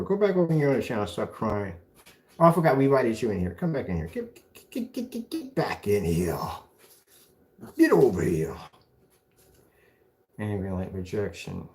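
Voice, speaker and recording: A taunting man delivers a callout rant. His pitch swings up and down as he mocks, and he throws the other person's phrases back with scornful sarcasm. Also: a little mellow. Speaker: video blogger. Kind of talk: ranting callout video.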